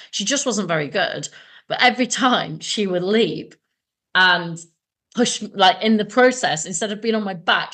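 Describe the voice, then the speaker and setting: A young woman from England co-hosting a podcast, chatting casually and acting out voices in her anecdotes. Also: mid-range voice. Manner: animated, laughs often, acts out voices in anecdotes. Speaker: podcast co-host. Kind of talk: casual chat, storytelling.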